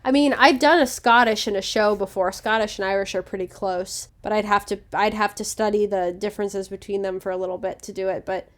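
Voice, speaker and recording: A woman co-hosting a casual podcast, talking in a relaxed, confident way. Her pitch sits in the middle, and her sentences often trail off softly. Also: brisk, few pauses. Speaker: podcast co-host. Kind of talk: casual chat.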